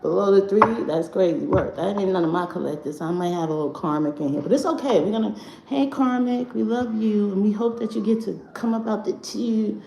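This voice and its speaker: A woman hosting a casual spiritual livestream from home, talking in an animated, profane way and laughing often. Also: medium pitch, a little fast, creaky. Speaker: livestream host. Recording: echoey room, faint background noise.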